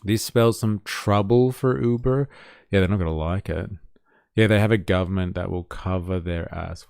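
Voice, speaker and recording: A man's voice: deep voice, gravelly, a little mellow, dry recording, clean studio sound. A man giving blunt, sarcastic livestream commentary on news and chat messages, swearing freely.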